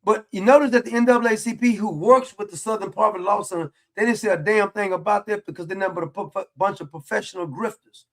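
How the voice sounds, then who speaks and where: High raspy-edged guy ranting on his commentary show, mocking and combative. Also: fast talker, hardly any pauses. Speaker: political commentary host. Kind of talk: ranting monologue.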